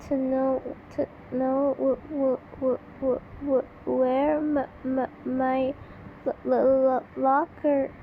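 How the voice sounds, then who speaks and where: Woman putting on a shy schoolgirl with a heavy stutter, high-ish voice, faint hiss. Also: little pitch movement, slow, narrow, tinny audio. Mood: timid.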